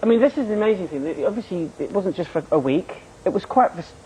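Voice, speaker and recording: A man's voice: sits high, lively intonation, fast, dark tone, rough recording. A man co-presenting a breakfast TV interview, asking conversational, searching questions. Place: TV studio.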